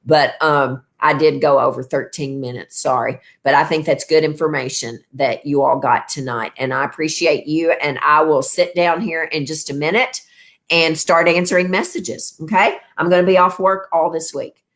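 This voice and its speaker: Brief: tired woman in her fifties, low voice, rambling livestream host. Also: fairly even intonation, moderate pace. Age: 50s. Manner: rambling, warm toward viewers. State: tired after illness. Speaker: wellness show host. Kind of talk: casual livestream chat.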